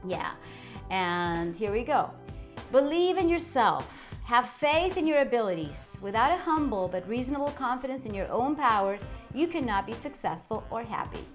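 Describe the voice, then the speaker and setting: A woman hosts a motivational podcast in a higher-pitched voice, full of shifting tone and inflection. She talks chattily and keeps checking in with her listener. Faint music plays behind her. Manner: expressive, changes tone and inflection, gets excited. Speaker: podcast host.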